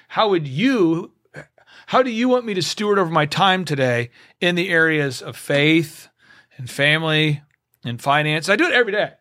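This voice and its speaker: Man, high voice, studio guest, lively storyteller who does the dialogue himself. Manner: animated storyteller acting out both sides of dialogues. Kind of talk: casual studio conversation.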